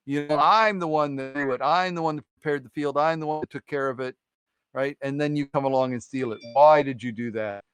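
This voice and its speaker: Storybook weasel, angry and scolding, clear voice, played by a man. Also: a little high, fairly quick, fairly bright tone, dry recording, lightly acted. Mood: indignant. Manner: indignant, scolding. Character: angry male weasel farmer.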